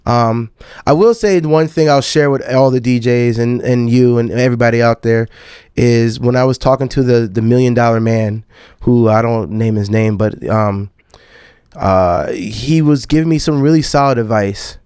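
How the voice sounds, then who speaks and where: Laid-back, smooth-voiced man telling a story. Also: medium pitch, moderate pace, darkish tone, dry recording, studio quality. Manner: laid-back and profane, calls the listener "dog". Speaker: podcast host and DJ. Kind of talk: casual storytelling chat.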